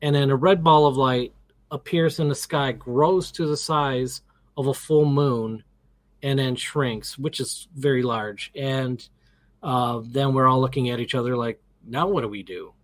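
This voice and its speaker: A man's voice: mid-range voice, unhurried, no room sound. Man, middle-aged, interview guest, casual storyteller, acts out quotes, dry close sound. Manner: animated, acts out quotes, many restarts.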